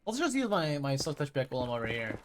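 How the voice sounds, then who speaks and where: With a noisy background behind him, a young gamer talks fast in a very animated, mid-range voice. It's casual gameplay chat: he rambles on as he plays and sometimes bursts into loud shouted imitations.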